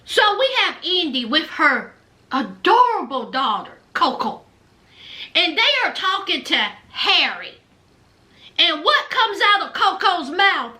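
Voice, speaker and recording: A woman's voice: very high voice, big pitch swings, takes it slowly, bright, forceful tone. A woman, recapping a reality show in a blunt, sassy way to her viewers. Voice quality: thick accent. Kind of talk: casual recap vlog.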